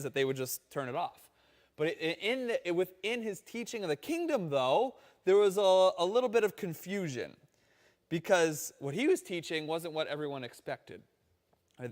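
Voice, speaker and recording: High-voiced man preaching in a reverberant hall. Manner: storytelling, acting out quoted voices. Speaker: pastor. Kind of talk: sermon.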